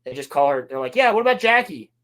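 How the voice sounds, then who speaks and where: A man co-hosting a casual podcast, recapping a show sarcastically and mocking the characters in quick put-on lines. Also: medium pitch, sing-song. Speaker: podcast co-host.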